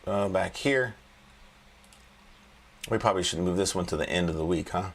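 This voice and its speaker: A man's voice: sits low, normal speed. A man hosting a casual livestream about stock charts, talking in a folksy, joking way with frequent restarts. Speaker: trading coach and livestream host.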